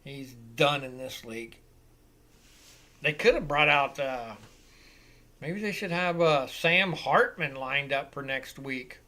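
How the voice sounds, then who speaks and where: A man hosting a live football reaction show, giving excitable, profane play-by-play commentary. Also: mid-range voice, slow pace, long pauses. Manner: excitable and profane, swears freely.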